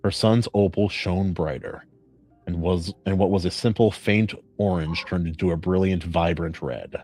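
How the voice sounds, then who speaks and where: A man hosting a podcast, reading a story aloud in a measured, earnest way and then chatting casually. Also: sits low, fairly even intonation, soft background music. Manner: measured, earnest reading; warm praise in chat.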